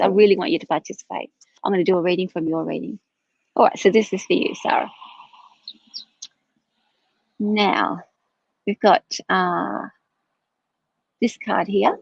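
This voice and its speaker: A tired woman gives a live-streamed tarot reading, chatty and rambling, often correcting herself. Her medium-pitched voice is creaky, with no echo. The stream audio is dull, dry, and lo-fi.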